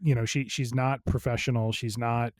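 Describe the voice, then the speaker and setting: A man's voice: mid-range voice, level tone, normal speed, no room sound. A man co-hosting a podcast, explaining wrestling news in casual chat and reading an article aloud. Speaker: podcast co-host.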